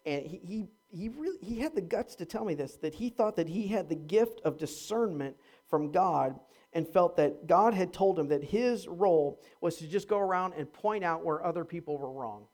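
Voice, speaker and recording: A man preaching a sermon as a pastor, animated, swinging between loud and hushed, with stumbling repeats when he gets going. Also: fairly high pitch, normal speed.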